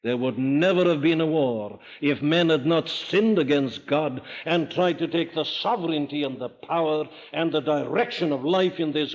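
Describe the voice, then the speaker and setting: An older man from Wales with a Welsh accent, preaching an emphatic sermon full of rhetorical questions. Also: on the high side. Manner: emphatic, rhetorical questions, rising to forceful declarations. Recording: dull lo-fi archival sermon recording.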